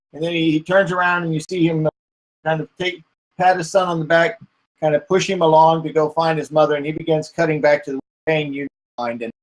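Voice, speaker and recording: A man's voice: on the high side, rough recording. A man narrating as game master in a hesitant way, with many fillers.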